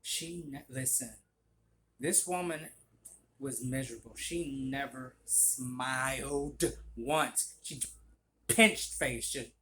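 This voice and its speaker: A man telling stories of his old barista job in a casual, animated vlog, acting out the voices of people he quotes. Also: mid-range voice, slow. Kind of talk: casual storytelling.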